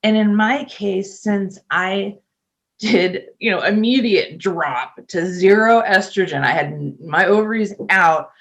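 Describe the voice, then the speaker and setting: A middle-aged woman speaks as a guest in a relaxed interview, chatty and full of fillers. Her voice carries a gravelly, creaky texture at a mid pitch. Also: unhurried, highs cut off. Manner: chatty, laughs often, many fillers. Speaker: nurse and podcast guest. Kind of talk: casual interview talk.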